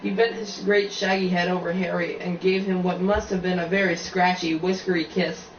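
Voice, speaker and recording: A man with a fairly high voice reads a novel aloud, often tripping over words and starting lines again. He sits back from the mic in an echoey room, and the sound is dull and muffled with faint noise behind. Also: level tone, normal speed, recorded from a distance. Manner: stumbling reading with frequent slips and restarts. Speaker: reader.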